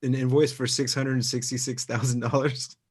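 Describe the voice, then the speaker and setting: A man hosting a casual podcast interview, relaxed and quick to react. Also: mid-range voice, slightly rough.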